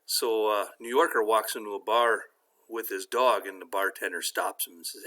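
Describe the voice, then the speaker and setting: A man hosting a weekly dad joke video, telling a joke in a casual, lively way with fillers. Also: fairly low pitch, brisk.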